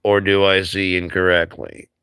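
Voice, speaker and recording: A man's voice: low voice, little pitch movement, normal speed, a bit bright, clean tone, no echo, studio quality. A man hosting a livestream, rambling through a blunt, profane philosophical monologue full of rhetorical questions and mocking asides. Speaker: livestream host.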